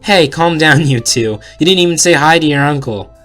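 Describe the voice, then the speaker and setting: A man's voice: fairly high pitch, moderate pace, a bit bright, soft background music, voice pushed up, natural voice. A man voicing a cheerful, laid-back male hedgehog father in a read-aloud fan story.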